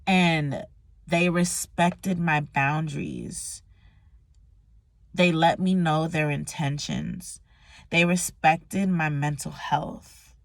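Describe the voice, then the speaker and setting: A woman's voice: deep voice, fairly even intonation, extremely slow, no echo, studio quality. A young woman talking candidly and emotionally in a personal vlog, swearing freely and using slang. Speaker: vlogger.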